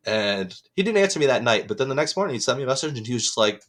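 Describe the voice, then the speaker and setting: A man's voice: lowish voice, sing-song, rapid-fire, few pauses, fairly bright tone. A young man co-hosting a podcast, telling a long rambling story in casual chat and swearing freely. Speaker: podcast co-host.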